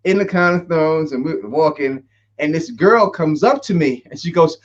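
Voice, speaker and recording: A man hosting a casual livestream, an animated storyteller who laughs often and repeats himself. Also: on the high side, normal speed. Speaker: host. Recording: dull lo-fi stream audio.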